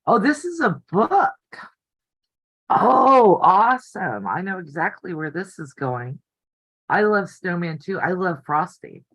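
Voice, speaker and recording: Chatty older woman, slow and close. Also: lowish voice, big pitch swings, slightly rough, no room sound, poor audio. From United States. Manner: chatty, rambling, easily delighted. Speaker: quilting channel host. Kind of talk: casual live-stream chat. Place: home craft room.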